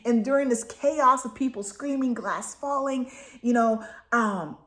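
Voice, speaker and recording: A woman vlogger recapping book chapters in a casual chat, excitable and gushing as she tells the story. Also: fairly high pitch, measured pace.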